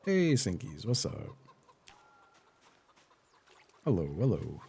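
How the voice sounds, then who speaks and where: Male streamer, low gravelly voice, chatty self-narration over faint game music. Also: wildly swooping pitch, slow pace, warm tone. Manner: chatty, narrates his own play and greets chat. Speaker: live streamer. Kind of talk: casual gameplay chat.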